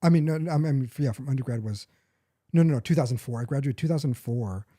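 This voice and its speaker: Mellow-voiced man in rambling chat. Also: medium pitch, fast, no echo, clean studio sound. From United States. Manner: rambling, self-correcting, laughs often. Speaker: podcast co-host. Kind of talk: casual chat.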